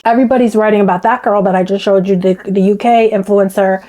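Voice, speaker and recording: A woman's voice: mid-range voice, steady tone, quick pace, dark tone, rough recording. A woman chatting to her viewers in a gossipy, talkative way. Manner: chatty, gossipy, addresses viewers as you guys. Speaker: commentary vlogger. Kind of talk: casual chat to viewers.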